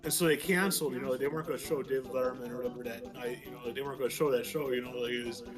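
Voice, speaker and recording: A man's voice: medium pitch, fairly even intonation, very fast, over music. A man co-hosting a casual podcast who tells loose, profane anecdotes padded with fillers.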